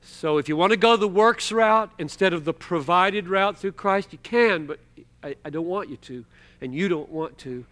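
A man preaching an expository sermon, emphatic, slowing to stress key words and moving between loud exclamations and quiet asides. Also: high-pitched.

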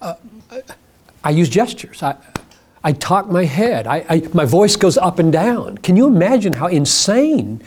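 Pastor type, male, unhurried and mellow-toned; earnest, emphatic delivery that jumps up in pitch on key points. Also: very animated, slight background noise. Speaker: pastor answering a listener question. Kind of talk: reflective spoken answer.

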